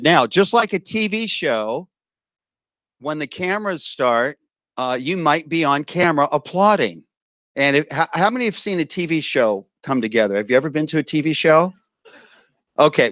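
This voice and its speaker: A man's voice: a little high, no echo. A man working as event emcee, briefing a live audience and coaxing them to join in. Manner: lively, coaxing the crowd to join in. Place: conference room with a live audience.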